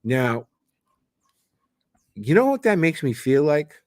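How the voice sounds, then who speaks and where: A Sicilian man in his seventies co-hosts a casual live stream from his home in Sicily, telling rambling, joking stories with animation. His voice sits on the high side and he speaks slowly, in a clean studio-quality recording with no echo.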